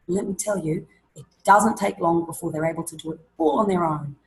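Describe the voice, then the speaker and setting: A woman presenting an online teaching webinar, explaining classroom activities in a lively way and acting out examples. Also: lowish voice, fairly quick, rough recording. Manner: lively, demonstrates classroom voices and chants.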